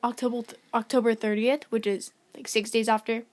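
Give me a high-pitched young woman chatting casually and giggling while she retells gossip. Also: fairly quick. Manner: giggly storyteller, quoting texts in flat voices. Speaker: co-host.

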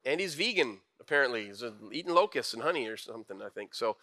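Bright-voiced, casual young male preacher. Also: mid-range voice, fast talker, few pauses. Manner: conversational, slangy, animated preaching. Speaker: pastor. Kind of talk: casual sermon.

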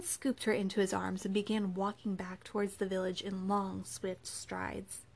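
A woman narrating a novel in an even storytelling manner. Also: medium pitch, moderate pace, creaky, hardly any pauses. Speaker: audiobook narrator. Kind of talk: scripted narration.

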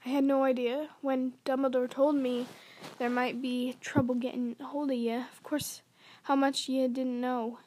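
Gruff, kindly giant groundskeeper, read by a woman; rough and blustering. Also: high voice, flat delivery, measured pace, darkish tone, slight background noise. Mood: earnest.

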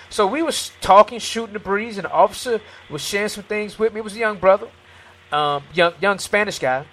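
Earnest man preaching calm with scripture. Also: high voice, a little fast. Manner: earnest, preachy, quotes scripture and acts out dialogue. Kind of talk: faith-based casual discussion.

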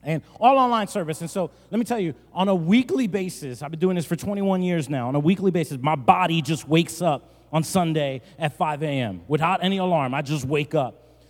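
A male pastor from New Jersey preaching a sermon, telling a joking story and rising to loud, emphatic bursts. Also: a little high, fairly quick. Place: large church hall. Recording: long church-hall reverb.

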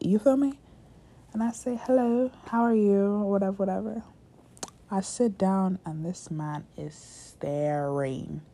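A young woman with a fairly low voice hosts a podcast, telling her listeners a dating story in a blunt, profane, dramatic way. Now and then she drops to a near-whisper for asides.

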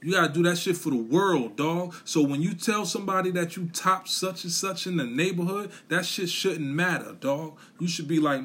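A man's voice: on the high side, moderate pace, hardly any pauses, fairly bright tone, slightly rough. A man on a podcast giving a blunt, profane, repetitive motivational rant, full of slang. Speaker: podcast host.

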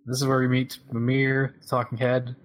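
A man's voice: mid-range voice, moderate pace. Easygoing young man recapping a game. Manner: relaxed, filler-heavy storytelling. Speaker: podcast co-host. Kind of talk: casual chat recapping a video game.

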